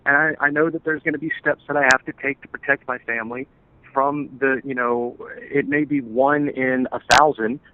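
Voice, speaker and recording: A man telling his family's story in an interview, earnest and halting, often restarting his sentences. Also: medium pitch, fairly even intonation, noisy background. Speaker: interview guest, stepfather. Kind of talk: emotional personal account. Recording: tinny phone-like call audio.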